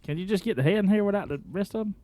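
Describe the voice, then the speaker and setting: A man's voice: high voice, racing, dark tone. A man co-hosting a podcast in casual chat, playful and teasing. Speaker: podcast co-host.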